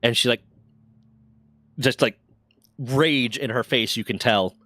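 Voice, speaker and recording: A man telling a long story in casual chat, in a dry and close sound. He rambles along with plenty of swearing and stumbling restarts, his pitch sitting in the middle range. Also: slow pace, pushed and bright, no echo. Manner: rambling, profane, lots of restarts.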